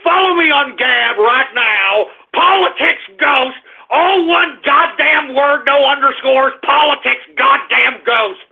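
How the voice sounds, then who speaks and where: A man voicing a furious, squeaky-voiced radio host who shouts and curses at his audience in an exasperated rant. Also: slow pace, creaky, exaggerated voice. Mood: fed up. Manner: shouting, cursing, exasperated ranting. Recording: tinny phone-line radio stream.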